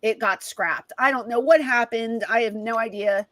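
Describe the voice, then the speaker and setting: A middle-aged woman tells stories as an interview guest, and she acts out whole conversations as she goes. Her voice sits a little high for a woman. The sound is dry and close, with almost no room around it. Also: moderate pace, no echo, low-quality recording. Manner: animated, reenacts conversations with quoted voices. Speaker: guest, former wrestling personality. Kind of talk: casual storytelling in an interview.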